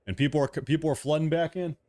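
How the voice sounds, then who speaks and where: A man's voice: a little high, steady tone, fast talker, warm tone, dry recording. A man hosting a live stream of political commentary. He reacts to viewer chat in an emphatic, repetitive way, joking about being a little irritable.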